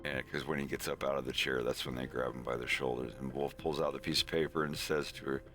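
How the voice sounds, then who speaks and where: Deep-voiced man rambling through a story. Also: little pitch movement, fast talker, fairly bright tone, faint music behind. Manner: rambling, many restarts and fillers. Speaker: streamer. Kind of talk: casual story retelling.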